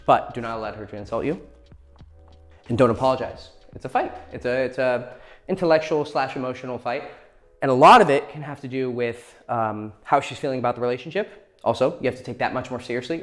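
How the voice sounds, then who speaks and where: A man's voice: medium pitch, fairly quick, soft background music. A man giving blunt, profane dating advice in a casual lecture, acting out quoted lines as he goes.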